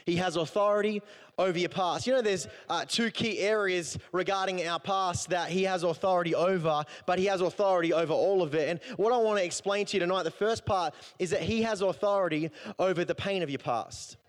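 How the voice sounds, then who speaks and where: A man with a high, light voice delivers a sermon. He talks to the congregation casually, with jokes and asides woven into his preaching. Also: a little fast. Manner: conversational, humorous, animated storytelling. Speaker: pastor. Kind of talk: sermon with personal story.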